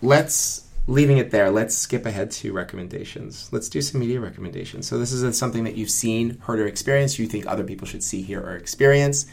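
A man hosting a casual podcast, chatty and quick to laugh as he talks. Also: lowish voice, vocal fry. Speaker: podcast host.

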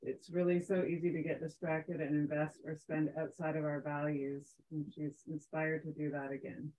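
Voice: mid-range voice, flat delivery, normal speed, darkish tone, low-quality recording. A moderator reading listener comments aloud at a talk.

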